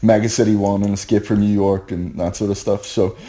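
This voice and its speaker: A man's voice: lowish voice, flat delivery, fairly quick, warm tone. A man with a Northern Irish accent, a comic writer talking casually in an interview and thinking aloud as he goes.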